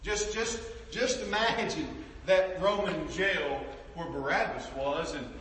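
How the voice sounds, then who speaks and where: A male preacher, preaching passionately, repeating words and swinging from loud to hushed. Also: high-pitched, takes it slowly, slight background noise. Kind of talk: sermon. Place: church sanctuary. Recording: echoey hall from far off.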